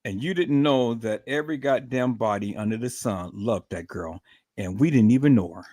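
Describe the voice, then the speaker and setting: A man's voice: medium pitch, moderate pace, darkish tone, dry recording. Angry guy cussing through a live-stream rant, dry close mic. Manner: furious, profane, ranting. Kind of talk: angry commentary on a clip.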